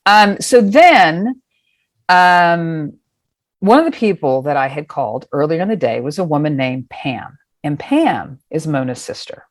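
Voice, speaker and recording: A middle-aged woman telling a personal story in a casual, lively way, acting out the scenes and swearing freely. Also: low-pitched, unhurried, dry recording, clean studio sound. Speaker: guest.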